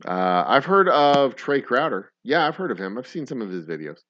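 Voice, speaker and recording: A man's voice: medium pitch, big pitch swings, normal speed, a bit bright, no echo. A man hosting a casual live stream, chatting loosely with viewers in a rambling, profane way and often correcting himself mid-sentence. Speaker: livestream host. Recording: dull lo-fi stream audio.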